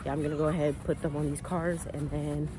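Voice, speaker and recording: A woman's voice: deep voice, flat delivery, fast talker, noisy background. A woman who runs a small business, chatting casually to her viewers as she vlogs outdoors and from her car on a handheld phone. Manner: chatty, talks straight to viewers. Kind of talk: casual vlog narration.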